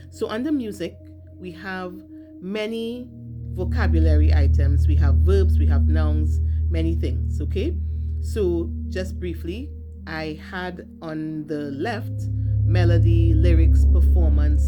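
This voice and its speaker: A low-voiced woman teaching an English vocabulary lesson. She speaks slowly and clearly and stresses her words with care. Loud music plays behind her. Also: dull audio.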